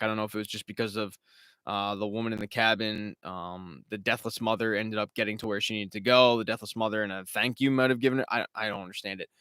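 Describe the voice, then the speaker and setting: A man in mid-range pitch talks over a home stream mic in a dry, close room. He rambles casually, swears freely and now and then mocks the characters in put-on voices. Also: pushed and bright, clean tone, no echo. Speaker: show host. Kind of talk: live-stream TV recap chat.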